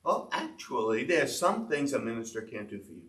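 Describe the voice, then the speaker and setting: A man's voice: medium pitch, big pitch swings, a little fast, fairly bright tone. A man preaching a sermon as a pastor, earnestly explaining scripture and reading verses aloud. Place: church. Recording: echoey church room, mic at a distance.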